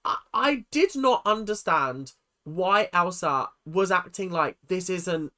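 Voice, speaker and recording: Emphatic vlogger, exasperated rant with a swooping, expressive pitch and many rhetorical questions. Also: slow. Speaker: reality TV recap vlogger. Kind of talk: ranting commentary to camera.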